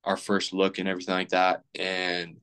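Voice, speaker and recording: A man's voice: sits low, monotone, moderate pace, fairly bright tone, clean tone. A young man in his twenties, a podcast guest rambling casually with plenty of fillers and restarts. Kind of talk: casual chat.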